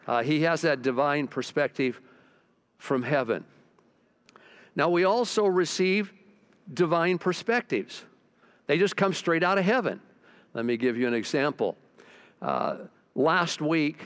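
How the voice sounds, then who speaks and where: Older male pastor, fairly high voice, storytelling sermon that sinks quiet on key lines. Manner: storytelling preacher, drops low and quiet for emphasis; talks to the congregation with questions.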